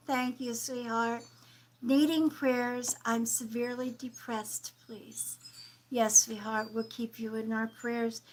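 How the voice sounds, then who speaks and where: A woman hosting a live-stream psychic reading, speaking softly and affectionately, calling viewers sweetheart and sometimes dropping to a whisper. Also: a little high, rough recording. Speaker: psychic medium and livestream host.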